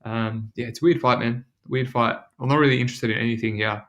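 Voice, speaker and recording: Kiwi guy hosting a podcast, middle pitch, loose slangy chatter. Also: fairly even intonation, quick pace, a bit bright. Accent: New Zealand. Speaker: podcast host. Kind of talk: casual betting podcast chat.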